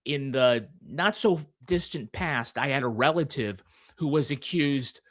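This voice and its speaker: A man's voice: medium pitch, unhurried, a bit bright, dry recording. A man from Massachusetts with a Boston accent, a guest author in casual podcast conversation who tells stories at length and plays along with teasing.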